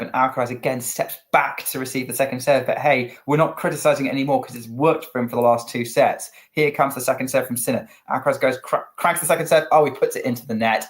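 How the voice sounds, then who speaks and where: A man with a British accent co-hosting a live tennis watchalong stream, calling each point quickly and chatting between rallies. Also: mid-range voice. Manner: rapid play-by-play calling, chatty asides. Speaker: co-host and play-by-play commentator.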